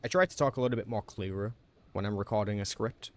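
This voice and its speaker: Fast-talking man streaming a game. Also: on the low side. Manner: talks quickly in a relaxed, chatty way; reacts out loud to gameplay. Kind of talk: casual live-stream commentary.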